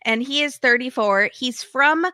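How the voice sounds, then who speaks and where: A woman guest on a casual podcast, chatting in an animated way and laughing often. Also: high-pitched, a little slow, smooth, no echo. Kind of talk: casual reality TV podcast chat.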